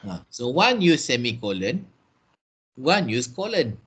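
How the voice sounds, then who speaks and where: A man's voice: mid-range voice, sing-song, fairly bright tone, husky. A man with a Malaysian English accent teaching a business writing class over a video call, repeating points and checking that students follow. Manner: slow, repetitive, checks understanding with "okay" and "eh". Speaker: trainer.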